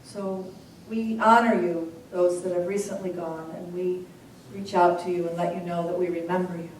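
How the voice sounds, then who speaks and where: A woman minister leading a congregation in slow, measured sutra chanting, then speaking softly and conversationally. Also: on the low side, level tone, slight background noise. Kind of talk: call-and-response sutra chanting and sermon. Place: large hall with a congregation. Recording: echoey hall, voice from far off, congregation audible.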